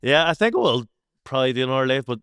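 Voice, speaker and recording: A man's voice: mid-range voice, very animated, quick pace, a bit bright, clean tone, dry recording, studio quality. A man with a Belfast accent hosting a podcast, chatting casually, swearing and laughing easily. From Northern Ireland. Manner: laughs easily, swears, stammers with repeated words. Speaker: podcast host. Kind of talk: casual chat.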